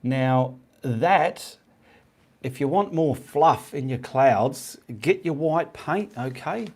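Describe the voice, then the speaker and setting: A man's voice: medium pitch, animated, takes it slowly. A middle-aged Australian man hosting a live painting stream, chatting casually with viewers and rambling, often checking in with "okay". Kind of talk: casual live-stream chat reading comments.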